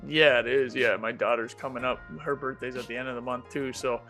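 A man in his thirties co-hosting a casual podcast, a wry and animated storyteller. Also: mid-range voice, fairly quick, soft background music. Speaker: podcast co-host. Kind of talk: casual chat.

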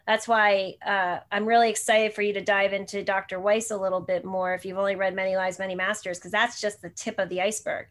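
A woman's voice: mid-range voice, little pitch movement, brisk, few pauses, a bit bright. A woman hosting a casual podcast chat, talking in a rambling way full of fillers. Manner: rambling, many fillers like "like" and "you know". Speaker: host.

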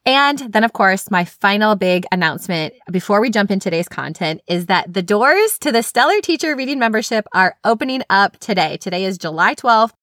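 A woman's voice: medium pitch, big pitch swings, moderate pace, hardly any pauses, fairly bright tone, no echo, clean studio sound. A woman, hosting an upbeat, chatty teaching podcast. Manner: enthusiastic, chatty. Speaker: podcast host, literacy specialist.

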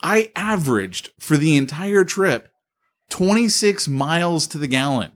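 This podcast co-host has a voice on the high side and speaks unhurriedly yet very animatedly, chatting casually over a remote call, telling stories and laughing often.

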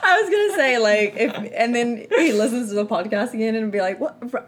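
A woman's voice: on the high side, animated, a little fast, background noise. A woman co-hosting a casual podcast, reacting with short quips and joining in on the jokes. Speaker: podcast co-host. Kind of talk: casual chat.

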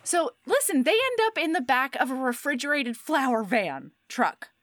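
A woman casually recapping a story as a podcast co-host, animated and full of "like". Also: high voice, moderate pace, no echo, studio quality. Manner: animated storytelling with frequent "like", acting out quotes. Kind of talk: casual chat, book recap.

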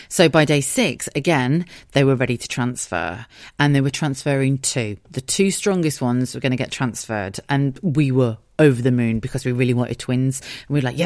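Woman, low voice, blunt and chatty, lively storytelling, home recording, dry close mic. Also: no echo. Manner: frank, sweary and animated, acts out quoted voices. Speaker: podcast host. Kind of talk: personal storytelling monologue. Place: home, dogs audible nearby.

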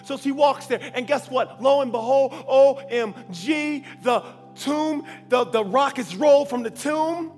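High-voiced man preaching in slang. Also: measured pace, hardly any pauses. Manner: slangy, animated, bursts of shouting. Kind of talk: sermon. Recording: long hall reverb, faint music.

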